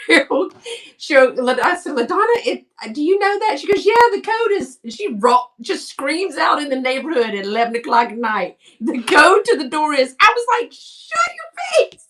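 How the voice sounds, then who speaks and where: A high-voiced woman with a drawl swoops all over her range as she tells a story. She acts out every quote and laughs her way through the telling. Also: very animated, normal speed, fairly bright tone, recorded from a distance. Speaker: guest, fellow reseller. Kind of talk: casual chat, storytelling.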